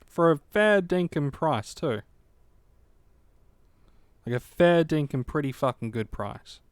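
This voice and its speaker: A man's voice: on the high side, expressive, takes it slowly, clean tone, dry recording. A man in his late twenties chatting and muttering to himself while streaming a game, with casual swearing. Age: late 20s. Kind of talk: casual gaming livestream commentary.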